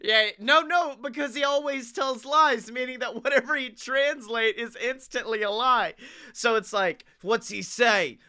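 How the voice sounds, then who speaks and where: A man co-hosting a comedy podcast, riffing excitedly and swearing often. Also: very high voice, measured pace, clean tone. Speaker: podcast co-host.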